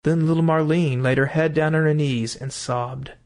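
A man reading a fairy tale aloud as storyteller, in an expressive, melodic way. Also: on the high side, normal speed.

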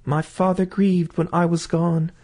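A man's voice: on the high side, flat delivery, unhurried, dark tone, voice pushed up. A man voicing a magical songbird, a murdered boy reborn, chanting its lament in a lilting singsong. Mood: eerie singsong.

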